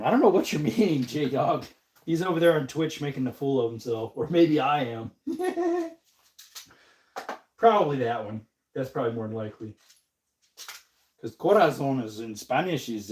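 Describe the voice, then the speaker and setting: Here the stuffy-nosed young livestream host sounds expressive and a little mellow, at medium pitch and normal speed. Relaxed, he keeps working, reading out chat and responding to his viewers.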